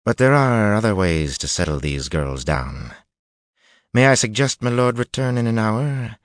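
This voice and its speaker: A grim, matter-of-fact woman jailer, slow and blunt, as a man reading the tale puts her on. Only slightly lifted from the reader's voice, dry and close. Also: fairly low pitch, very animated, no echo, voice pushed up.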